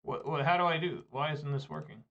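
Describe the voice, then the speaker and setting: A man's voice: on the high side, steady tone, a little fast, gravelly, a bit bright, lo-fi sound. A man casually commentating his own card game, rambling and swearing as he plays. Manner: rambling, profane, chatty asides.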